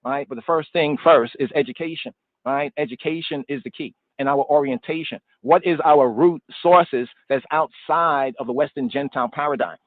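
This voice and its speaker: A man's voice: a little high, moderate pace, no echo. Tinny, digressive male scripture teacher. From United States. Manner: loose and digressive, repeating words and phrases; informal street slang mixed with scripture talk. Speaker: Bible study teacher. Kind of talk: live-streamed scripture teaching. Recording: dry, tinny phone-like line.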